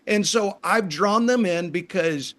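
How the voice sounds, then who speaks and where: Man, pastor, podcast guest, relaxed rambling talk, high-pitched. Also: measured pace. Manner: relaxed, rambling explanations with fillers. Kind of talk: casual interview talk.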